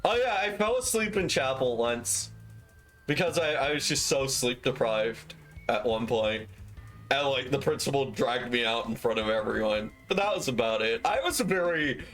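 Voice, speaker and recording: A man's voice: medium pitch, expressive, normal speed, a bit bright, soft background music. A young man livestreaming, telling casual stories animatedly, swearing freely and acting out quoted lines. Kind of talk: casual storytelling on stream.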